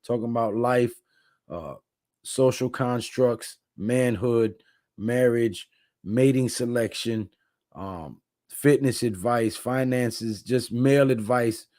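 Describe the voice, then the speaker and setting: Mellow-voiced tired male stream host. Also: medium pitch, slow pace, dry recording, studio quality. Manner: laid-back, reads chat comments aloud. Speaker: livestream host. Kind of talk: casual live-stream chat.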